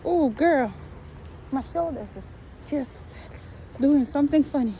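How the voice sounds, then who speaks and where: Playful high-voiced woman vlogging outdoors. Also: expressive, unhurried, dull audio. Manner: playful, sing-song baby talk. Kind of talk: casual vlog chat while walking with a baby. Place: outdoors by water in a city park. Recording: faint outdoor noise.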